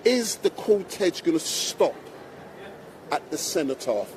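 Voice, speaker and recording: A man's voice: a little high, very animated, takes it slowly, darkish tone. A man doing a chatty live interview on a busy city street, holding a handheld mic. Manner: chatty, exclaiming. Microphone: handheld microphone. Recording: noisy street, traffic behind.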